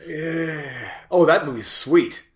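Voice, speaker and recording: Slow, rambling man in an echoey room. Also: on the high side. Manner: rambling, halting, many fillers and self-corrections. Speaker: host reviewing movies. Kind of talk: casual chat.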